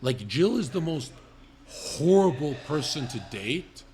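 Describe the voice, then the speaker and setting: A man's voice: a little high, big pitch swings, slow pace, darkish tone. A young man hosting a livestream, telling crude comedic stories in a blunt, rambling, profane way. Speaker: livestream host.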